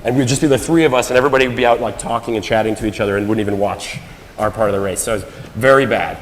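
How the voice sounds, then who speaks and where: A man from the United States giving a conference talk, telling a story with lively energy and acting out what people said. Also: fairly low pitch, racing, a little hiss or hum. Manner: animated storyteller, acts out quoted lines. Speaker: conference speaker. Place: large hall. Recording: roomy hall with long reverb.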